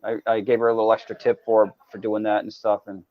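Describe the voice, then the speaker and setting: A man's voice: fairly low pitch, completely flat delivery, fast talker, no echo. A man chatting casually as a guest, telling stories with many restarts. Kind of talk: casual chat. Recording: dull lo-fi sound.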